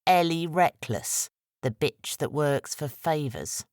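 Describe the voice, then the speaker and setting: Woman playing a brash male crook for an audiobook, slow, mocking drawl. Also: fairly high pitch, dry recording, clean studio sound. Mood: sneering.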